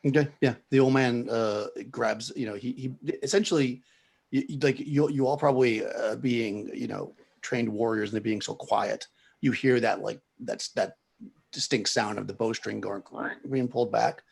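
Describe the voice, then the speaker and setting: Male game master, gravelly, husky, halting narration full of fillers. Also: mid-range voice. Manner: rambling, full of fillers and restarts.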